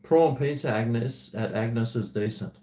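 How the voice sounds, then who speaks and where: A man hosts a livestream in a loose, rambling way, laughing often as he reads out viewer messages. His voice sits at an ordinary middle pitch. The room gives it a noticeable echo. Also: measured pace, mellow. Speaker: livestream host. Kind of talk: casual livestream chat, reading viewer messages. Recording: roomy echo.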